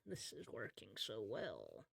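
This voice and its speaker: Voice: mid-range voice, huge pitch swings, unhurried, gravelly, fairly bright tone, slightly rough, no echo, studio quality, pitched below the performer's own voice, exaggerated voice. A game master voicing a scheming male pirate captain who growls "arr" and talks in pirate slang.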